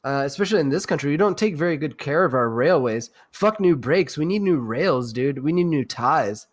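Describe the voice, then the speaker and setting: A man's voice: a little high, expressive, fairly quick. Rambling, profane podcast host man. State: recovering from food poisoning. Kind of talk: casual crude chat.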